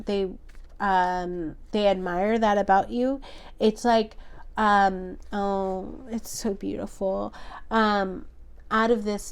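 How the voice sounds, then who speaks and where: A woman giving a pick-a-card tarot reading, gentle and emotional, rambling with many fillers, her voice slightly worn. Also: mid-range voice, clean tone. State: losing her voice a little. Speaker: tarot reader.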